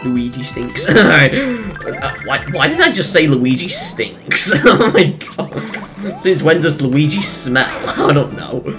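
A let's-play gamer with a mid-range voice gives slow, casual gameplay commentary over soft background music. Excitable, they often exclaim and laugh, tossing in rambling, jokey asides.

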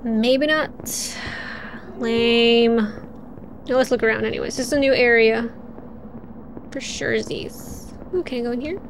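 A woman's voice: on the high side, moderate pace, slight background noise. A young woman streaming a horror game, chatting casually, laughing often and talking back to the game. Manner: chatty, giggly, talks to the game. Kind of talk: casual gameplay commentary.

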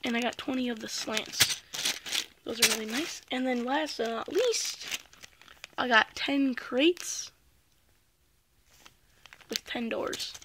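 A woman chatting excitedly through an unboxing vlog, with lots of fillers like "um" and "like.". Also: on the high side, takes it slowly, long pauses, noisy background. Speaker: vlogger.

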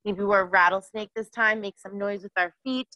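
A woman's voice: medium pitch, fairly even intonation, brisk, sharp tone, no room sound, rough recording. A woman teaching a children's yoga class, cheerful and encouraging, with sing-song chants.

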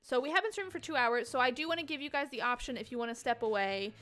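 A woman's voice: high voice, very fast, pushed and bright. A woman hosting a charity game stream in casual chat, giggly and chatty as she reads out donations.

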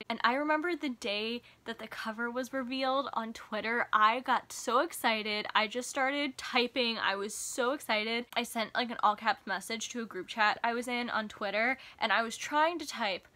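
Bright, gushing woman book vlogger. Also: on the high side, normal speed. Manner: gushing, excitable, chatty. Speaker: book reviewer. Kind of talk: casual vlog review.

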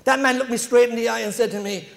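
A man's voice: very high-pitched, fairly even intonation, fast, gravelly. A middle-aged man from Ireland doing a stand-up comedy routine, telling punchy bar jokes and laughing at his own lines.

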